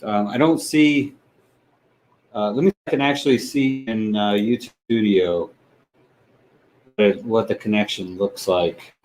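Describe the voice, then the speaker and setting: A man hosting a livestream, chatting casually and haltingly as he thinks aloud with frequent fillers. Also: fairly low pitch, darkish tone, poor audio. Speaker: livestream host. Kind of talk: casual stream setup chat.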